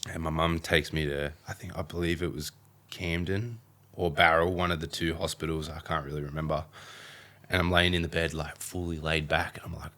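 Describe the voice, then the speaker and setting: A man's voice: rumbling low, little pitch movement, brisk, sharp tone. A young Australian man with an Australian accent, candidly recounting his story in a documentary interview. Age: young adult. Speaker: documentary subject.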